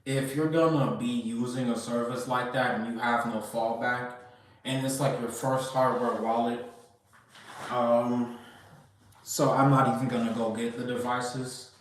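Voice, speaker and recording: A man's voice: mid-range voice, fairly even intonation, unhurried, far from the mic. A man ranting casually and emphatically, swearing often and repeating himself as he rambles. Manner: profane, emphatic, repetitive, rambling. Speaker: crypto commentator. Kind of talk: casual rant. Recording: echoey room, away from the mic.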